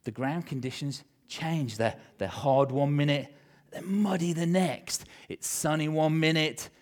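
A middle-aged male pastor preaching a sermon, telling a personal story with animated emotion, swinging between loud and hushed. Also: on the high side, unhurried.

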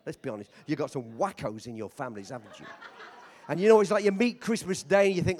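A man preaching a sermon as a visiting preacher, impassioned, swinging between shouting and quiet storytelling, with joking asides. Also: a little high, quick pace.

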